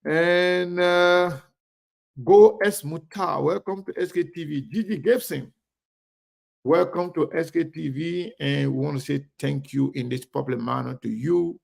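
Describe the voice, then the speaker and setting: A man hosting an online live show, greeting viewers by name in a chatty way. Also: mid-range voice. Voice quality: gravelly. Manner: chatty, reads viewer names aloud warmly.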